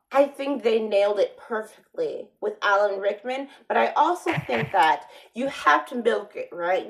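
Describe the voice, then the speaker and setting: A woman talks to camera in a casual vlog monologue, taking her time with an unhurried, drawn-out delivery. She rambles and restarts her sentences, with a dry, sardonic edge. Her voice sits at an ordinary middle pitch. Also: creaky, rough recording. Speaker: vlogger.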